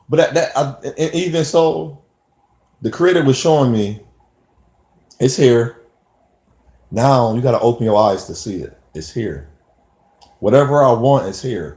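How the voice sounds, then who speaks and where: Rambling man in an echoey room. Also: mid-range voice. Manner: rambling and animated, acting out quoted exchanges. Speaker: vlogger. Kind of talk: casual spoken monologue.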